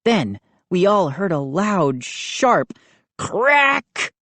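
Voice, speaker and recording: A woman narrating a children's horror audiobook in an expressive, unhurried reading. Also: on the low side, no room sound. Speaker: audiobook reader.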